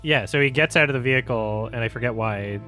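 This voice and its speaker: A man telling a casual story on a stream, halting often and restarting his sentences. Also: mid-range voice, pushed and bright, faint music behind.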